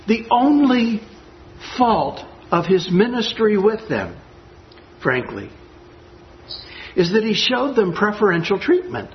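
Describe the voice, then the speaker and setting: A man's voice: sits high, sing-song, slow pace, pauses often, muffled recording. A man preaching a sermon, earnest and emphatic as he reads scripture and reflects on it. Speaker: pastor.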